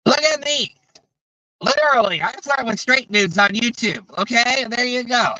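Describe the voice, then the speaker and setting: Bright-voiced man ranting casually. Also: very high voice, moderate pace, dry recording, low-quality recording. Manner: profane, exasperated, rambling. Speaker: streamer. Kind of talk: casual storytelling chat.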